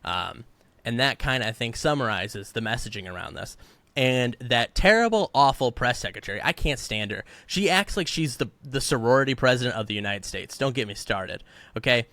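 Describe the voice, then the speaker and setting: A male podcast co-host in full rant mode, fired up and exasperated. His voice sits at a middling pitch and is recorded close and dry with no room sound. He keeps slipping into mocking put-on voices of the people he quotes. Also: expressive, fairly quick, bright, forceful tone, no echo. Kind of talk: heated political commentary.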